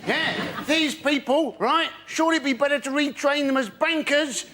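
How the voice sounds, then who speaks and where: A man's voice: very high voice, normal speed, very noisy. A man on a comedy panel show delivering a punchy ranting bit. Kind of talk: stand-up routine.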